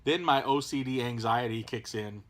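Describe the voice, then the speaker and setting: A man with a Southern American twang talks in a bright, forward tone, hosting a relaxed home video chat. He rambles and trips over his words, restarting sentences as he goes. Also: mid-range voice, moderate pace. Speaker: co-host. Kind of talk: casual chat.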